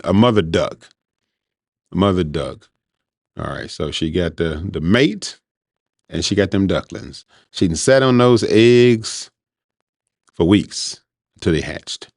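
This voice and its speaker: Deep and creaky with a darkish tone, this man's voice carries a podcast host's loose, rambling monologue. He speaks informally and conversationally, and the studio-quality recording has no echo.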